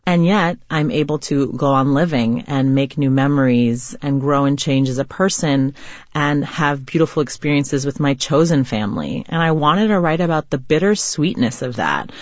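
A woman novelist answering interview questions in a reflective, earnest way, sometimes pausing to find words. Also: low voice, animated, no echo. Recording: slightly dull lo-fi remote sound.

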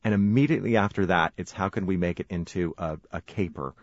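An American man speaks as an author guest in a radio interview, spinning anecdotes with frequent laughter. His voice sits low, and the recording is dry and close with a dull broadcast tone. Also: quick pace, no echo. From United States. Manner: warm storytelling, laughs often.

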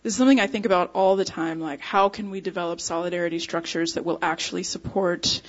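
A woman's voice: on the low side, fairly even intonation, quick pace, highs cut off. A woman musician interviewed on the radio, speaking earnestly and animatedly and laughing often. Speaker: musician, guest.

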